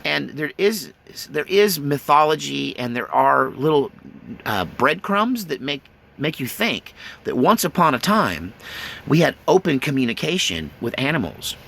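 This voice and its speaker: Gravelly, folksy middle-aged man. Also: a little high, big pitch swings, measured pace, a bit bright. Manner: rambling, folksy, with many fillers. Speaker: vlogger. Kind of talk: casual chat to camera.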